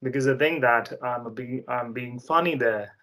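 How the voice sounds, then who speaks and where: A man talks in an easygoing interview chat. He is a teacher, asking patient, friendly questions and laughing often, at a middling pitch for a man. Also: normal speed, pushed and bright. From India.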